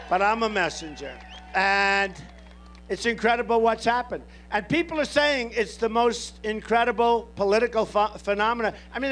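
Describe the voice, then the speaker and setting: Speaking off the cuff at an outdoor airport rally, a presidential candidate addresses the crowd in a campaign speech that is boastful and repetitive. His voice sits high and sounds a bit bright.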